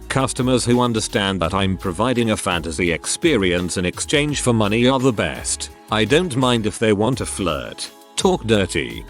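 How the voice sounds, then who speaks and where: Low-voiced man narrating online posts. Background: faint background music.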